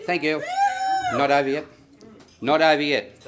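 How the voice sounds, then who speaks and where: A man's voice: on the high side, little pitch movement, moderate pace, very noisy. A middle-aged man with an Australian accent giving a rambling, jokey father-of-the-groom wedding speech, full of fillers and restarts. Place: wedding reception venue.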